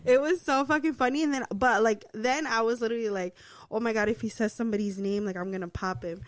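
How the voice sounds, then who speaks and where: A woman co-hosting a podcast, telling a story in casual chat, expressive and laughing as she acts out the scene. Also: on the high side, quick pace. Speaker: podcast co-host.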